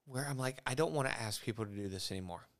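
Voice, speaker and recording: A man's voice: medium pitch, fast. A man in his forties co-hosting a podcast in casual chat, rambling with lots of fillers and restarts. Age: 40s. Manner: rambling, filler-heavy, self-interrupting. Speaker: podcast co-host.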